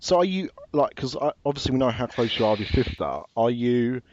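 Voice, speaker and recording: Animated joking male podcast host. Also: mid-range voice, fairly quick, a little hiss or hum. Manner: animated, joking, repeats words as he goes. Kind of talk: casual chat, interviewing. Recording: dry, slightly muffled podcast audio.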